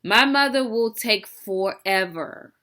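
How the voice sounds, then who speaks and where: Bright, chatty young woman storyteller. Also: medium pitch, takes it slowly. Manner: animated, chatty, heavy with fillers and asides. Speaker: vlogger telling a story. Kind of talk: casual storytelling.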